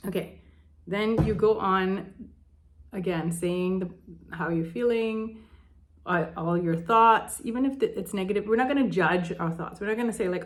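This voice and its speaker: A young woman life coach leads an emotional tapping lesson. Her voice sits in an ordinary middle range. She talks gently and voices sample phrases with soft sighs. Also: mid-range voice, normal speed. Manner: gentle, speaks example phrases aloud with sighs. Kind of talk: instructional tapping demonstration.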